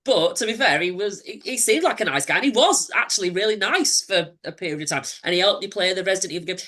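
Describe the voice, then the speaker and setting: A man in his forties telling a personal story as an interview guest, candid and reflective, halting and restarting as he goes. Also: high-pitched, pushed and bright. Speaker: podcast guest.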